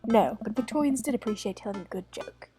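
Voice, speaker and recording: Woman voicing a soft-spoken formal goth man. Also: mid-range voice, expressive, brisk, soft background music, pitched below the performer's own voice, lightly acted. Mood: earnest. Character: gentle formal goth man, old-fashioned. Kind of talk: reading game dialogue aloud.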